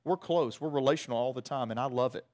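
A middle-aged man, preaching a sermon in a conversational, animated way with many restarts. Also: medium pitch, fast talker. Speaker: pastor.

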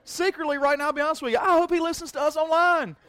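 A man's voice: very high voice, rapid-fire, pushed and bright. A man preaching a sermon, telling a personal story in a rambling, self-mocking way, often repeating words and acting out both sides of a conversation. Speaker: pastor.

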